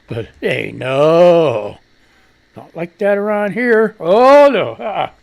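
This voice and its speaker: This is a man hosting a casual live radio show, as if he were chatting at the kitchen table. His voice is gravelly and congested, with a wheeze and a cough. He talks slowly, his pitch bounces around a lot, and he rambles and swears freely. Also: animated, a little mellow. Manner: rambling, profane, laid-back.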